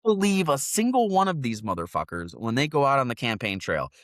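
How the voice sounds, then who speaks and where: A man's voice: mid-range voice, big pitch swings, a little fast, no room sound, clean studio sound. A man co-hosting a podcast, ranting profanely and mocking people with sarcastic voices, his sinuses stuffed and sniffling. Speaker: podcast co-host. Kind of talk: profane political rant. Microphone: separate remote mic.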